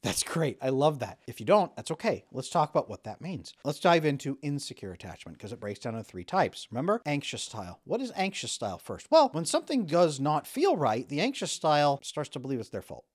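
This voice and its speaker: A man in his thirties explains relationship patterns straight to camera, with a widely moving, expressive pitch. He slips into quick acted snippets of other people's thoughts as he talks. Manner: animated, acts out quoted inner voices. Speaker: attachment coach.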